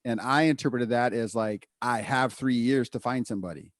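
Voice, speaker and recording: A man's voice: medium pitch, moderate pace, no room sound. Man, podcast co-host, casual candid storytelling, mid-range voice, dry close sound. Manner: candid storytelling with many fillers. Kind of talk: casual chat.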